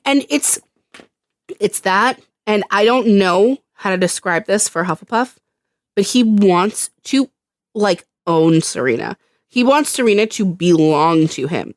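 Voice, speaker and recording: A woman co-hosting a casual podcast chat, expressive, swearing freely and acting out quotes. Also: medium pitch, slow, long pauses, dry recording, studio quality. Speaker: podcast co-host.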